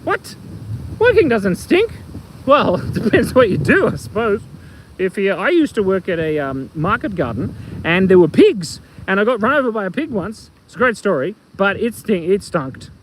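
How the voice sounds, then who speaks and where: A man's voice: high voice, very animated, normal speed, a little hiss or hum, rough recording. A middle-aged man with an Australian accent, chatting playfully on a live stream and telling jokes while outdoors in the bush. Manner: playful, rambling, tells jokes and reads chat aloud. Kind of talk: casual live stream chat. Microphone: phone.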